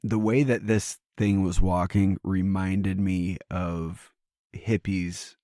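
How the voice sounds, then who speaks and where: Brief: middle-aged male podcast co-host, hoarse and gravelly, very deep, dry close mic, rambling chat. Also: steady tone, takes it slowly, warm tone, no room sound. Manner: rambling, restarts and swears casually. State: hoarse, losing his voice. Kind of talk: casual chat. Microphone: studio microphone.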